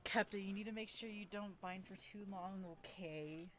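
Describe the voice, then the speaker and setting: A woman streamer chats casually with friends on a livestream, her pitch sitting in a middle range. She laughs often and makes fun of herself. She trips over her words and starts sentences again. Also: moderate pace, fairly bright tone, slight background noise. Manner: giggly and self-deprecating, laughs often between lines; stumbles and restarts her words. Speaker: streamer hosting a group fanfic reading.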